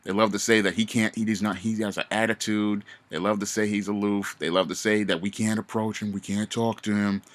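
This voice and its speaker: A man with a fairly low voice talks straight to camera in a casual monologue. He hammers each point with repeated warnings and frequent restarts. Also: little pitch movement, a little fast, few pauses. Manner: emphatic, repetitive warnings with many restarts. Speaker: vlogger.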